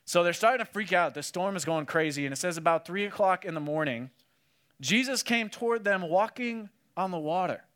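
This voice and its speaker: A man preaching a casual sermon, telling the story with animated energy and acting out what people said. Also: high voice, brisk. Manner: animated storytelling, acts out quotes, many "like"s. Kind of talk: casual sermon to a youth audience.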